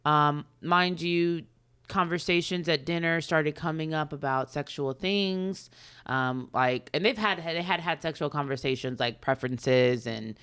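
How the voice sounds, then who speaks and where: A woman's voice: low voice, a little slow, fairly bright tone, clear, resonant tone. A woman co-hosting a podcast, chatting casually as she retells a story with many ums and acts out quotes. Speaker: podcast co-host.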